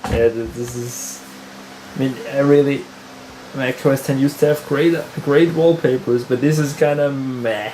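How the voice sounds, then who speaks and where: A man chatting casually while setting up a laptop on camera, laid-back and quick to laugh. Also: medium pitch, fairly even intonation, warm tone, reverberant, slight background noise, rough recording. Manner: laid-back, laughs often, restarts his words. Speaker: tech vlogger. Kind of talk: casual chat.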